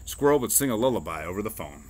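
Man reading a kids' picture book aloud, lively and expressive. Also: on the low side, fast, a little hiss or hum. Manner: expressive, storytelling. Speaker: reader.

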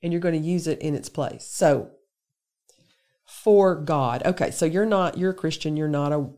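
A woman's voice: sits low, moderate pace, warm tone. A woman giving an earnest, conversational Bible lesson to a women's gathering. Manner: conversational, earnest, lists examples with emphasis. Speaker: women's day speaker.

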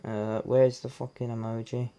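A man commentates his own pack openings at a middling pitch, cursing freely between picks. He jumps from muttered grumbling to loud excited cheering. His talk is loose, unscripted gamer chatter. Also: normal speed, clean tone. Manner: excitable, heavy swearing, bursts into loud cheers. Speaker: gamer opening card packs. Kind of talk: live reaction commentary.

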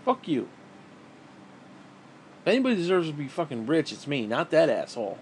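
A man's voice: on the high side, sing-song, normal speed, slight background noise. A man venting in a bitter, profane, rambling monologue to camera as a vlogger, often restarting his sentences.

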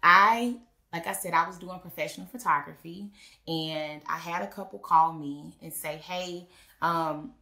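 A woman, a wedding officiant and business owner, telling stories in an interview and acting out the voices she quotes. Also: on the low side. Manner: animated storyteller, acts out quoted voices. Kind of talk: casual interview storytelling. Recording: echoey room.

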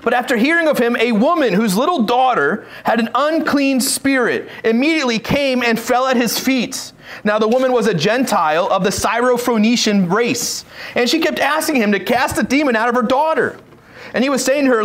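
A man's voice: extremely high pitch, a little fast, a bit bright. A male pastor giving a sermon, reading scripture aloud and acting out the pleas of the people in the stories. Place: church sanctuary.

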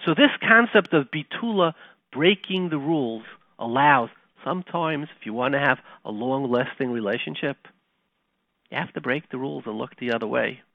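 A man hosting a radio talk show, telling a story and teaching Torah, animated and conversational, dropping to quiet retellings. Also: medium pitch, moderate pace, gravelly, no echo. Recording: tinny phone-like line, dry.

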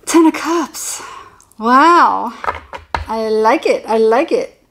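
A woman reading tarot cards in a casual, chatty way, with a voice that sits a little higher than most. She gets excited easily and rambles, often restarting her sentences. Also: slow, slight background noise, low-quality recording. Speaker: tarot reader.

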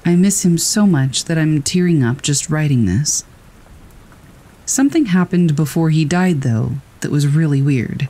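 A man reading scary first-person stories aloud in a calm, steady storytelling voice. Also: fairly high pitch, measured pace. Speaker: narrator. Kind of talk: scripted narration of scary stories. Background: rain.

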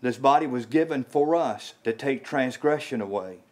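A man preaching an informal sermon in a small house church, halting and repeating words with many fillers, his voice rising when he stresses a point. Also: medium pitch, darkish tone. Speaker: lay preacher.

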